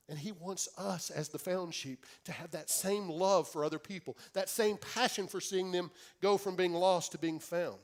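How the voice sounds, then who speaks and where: A man's voice: high voice, normal speed, few pauses. Earnest man preaching a sermon. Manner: earnest, pleading, drops to soft quiet tones for emphasis. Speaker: pastor.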